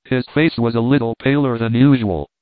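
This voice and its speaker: A man narrating a classic novel aloud in a steady, measured way. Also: mid-range voice, no echo. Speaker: audiobook narrator. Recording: tinny phone-like line, dry.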